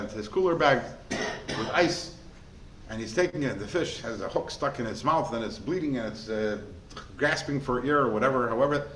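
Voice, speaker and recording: A man, a rabbi, giving a lively class, quizzing students and telling stories in an animated way. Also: mid-range voice. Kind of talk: lively lecture with questions to students. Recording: echoey room, faint background noise.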